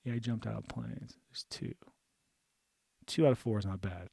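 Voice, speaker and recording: A young man, an Army veteran, telling a comic story, animated and profane, acting out his own panic. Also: fairly low pitch, normal speed, gravelly, breathy edge, no echo, studio quality. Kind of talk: comedic storytelling.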